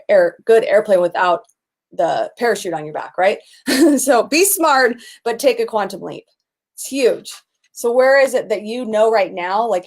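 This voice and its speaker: A middle-aged woman leading a live online coaching session. She sounds energetic and enthusiastic, her voice at an ordinary middle pitch. At times she bursts into excited shouts. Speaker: business coach.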